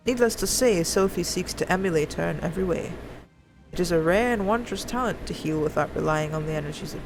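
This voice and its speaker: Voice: mid-range voice, creaky, close to an everyday voice, rough recording. A streamer voicing a stern male conjurer mentor in grave, formal tones, reading video game dialogue aloud.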